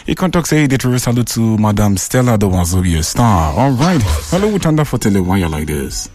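A man's voice: fairly low pitch, big pitch swings, brisk, faint music behind. A man with a Nigerian accent hosting a call-in radio show in pidgin, reading out listener messages and greetings. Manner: upbeat shout-outs, reading messages aloud. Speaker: radio host.

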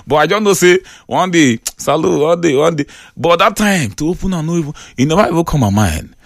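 A man's voice: on the high side, fairly quick, creaky, dry recording, clean studio sound. A man with a Nigerian accent hosting a chatty radio call-in show, telling stories with frequent laughter and mixing Pidgin with English. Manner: animated storyteller, laughs often, mixes Pidgin and English.

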